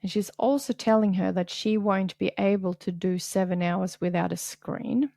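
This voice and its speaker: A woman's voice: medium pitch, fairly even intonation, normal speed, vocal fry, dark tone, no echo. A woman hosting a podcast, talking earnestly and confessionally on her own, sometimes dropping to a whisper. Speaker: podcast host. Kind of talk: candid solo podcast monologue.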